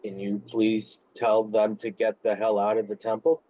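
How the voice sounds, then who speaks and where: A man playing a tabletop game, husky and blunt in casual talk. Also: on the low side, completely flat delivery, normal speed, lo-fi sound. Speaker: player.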